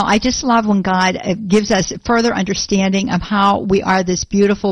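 A woman's voice: mid-range voice, no room sound, low-quality recording. Earnest woman radio host praying aloud. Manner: earnest, prayerful, with many repeated phrases. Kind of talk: spoken prayer and call-in talk. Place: radio studio.

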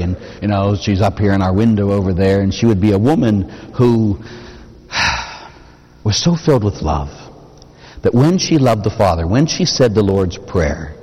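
A man's voice: fairly low pitch, a little mellow, slightly rough. A man preaching a sermon as a Catholic priest, talking conversationally and posing rhetorical questions to the congregation. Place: church. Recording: long reverb of a church.

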